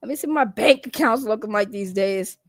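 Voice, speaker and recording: A woman with a Boston accent hosting a casual livestream, loud and laughing, swearing as she talks to her chat. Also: medium pitch, a little fast, dry recording, clean studio sound. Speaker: livestream host.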